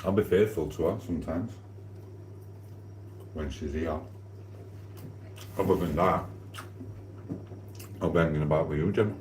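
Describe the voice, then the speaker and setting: Livestream host, man, very low voice, rambling cheeky banter, eats on mic in a roomy kitchen. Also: measured pace, pauses often, a little mellow, a little hiss or hum. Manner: rambling, cheeky and flirty, eating while talking. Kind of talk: casual live-stream chat. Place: home kitchen.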